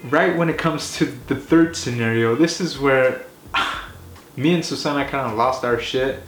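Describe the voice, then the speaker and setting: A man telling a comedy story in an animated, rambling way, swearing often and filling his talk with "like" and "you know". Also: mid-range voice, unhurried. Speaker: comedy vlogger. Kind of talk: casual profane storytelling. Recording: echoey room with faint hiss.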